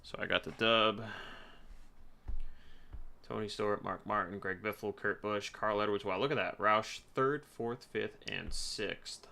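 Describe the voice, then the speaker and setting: A young male streamer chatting loosely over his racing game. His voice sits low with a gravelly edge, yet comes across bright and forward, with easy fillers throughout. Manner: laid-back, rambling, with fillers. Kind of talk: casual gameplay commentary.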